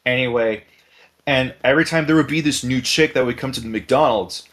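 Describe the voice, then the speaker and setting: A man telling a story in casual podcast chat, animated and profane, acting out the people he quotes. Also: mid-range voice, brisk. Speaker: podcast host.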